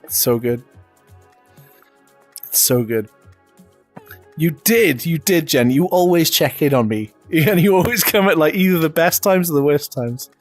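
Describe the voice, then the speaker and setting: A man's voice: a little high, normal speed, hardly any pauses, no echo, faint music behind. Chatty British man streaming, laughing easily. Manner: chatty, laughs often, self-deprecating. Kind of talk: casual live-stream chat.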